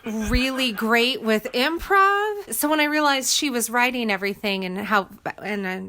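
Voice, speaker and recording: A woman talking casually on a podcast, chatty and quick to laugh. She often jokes at her own expense. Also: on the high side, lively intonation, sharp tone, slight background noise. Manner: chatty and giggly, self-deprecating. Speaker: podcast cast member. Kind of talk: casual chat.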